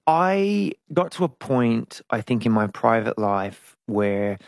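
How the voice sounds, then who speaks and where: A middle-aged woman, a singer, talking frankly and reflectively as an interview guest, animated at times. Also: very deep voice, takes it slowly, gravelly, no echo, studio quality. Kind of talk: candid conversational interview.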